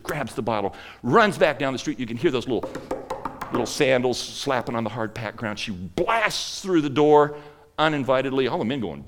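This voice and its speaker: A male preacher delivering a sermon in a medium-pitched voice. He tells the story dramatically, rising to loud emphasis and then dropping to hushed, near-whispered lines. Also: a little fast. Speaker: pastor.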